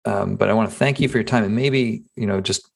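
A man with a low voice hosts a casual podcast interview. He stumbles and restarts his sentences often as he searches for words. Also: vocal fry, breathy edge. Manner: halting, many restarts and fillers. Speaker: podcast host.

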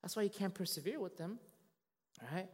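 A man preaches in a church, telling a story with animated, conversational energy and a running "right?" to his listeners. His voice sits a little high for a man. The sound carries the long reverb of a large hall. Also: a little fast, breathy edge. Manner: animated, conversational, asks many tag questions. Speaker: pastor. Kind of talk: sermon with a told story.

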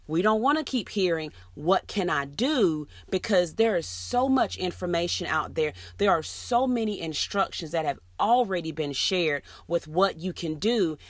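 A woman's voice: fairly low pitch, no echo, clean studio sound. A woman, giving an earnest, emphatic motivational talk to fellow teachers. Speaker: educator addressing teachers.

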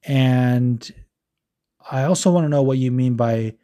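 Angry podcast host guy ranting, cussing a lot, restarts words, warm dark voice. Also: medium pitch, unhurried. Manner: heated, profane, stumbling restarts. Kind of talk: casual ranting podcast talk.

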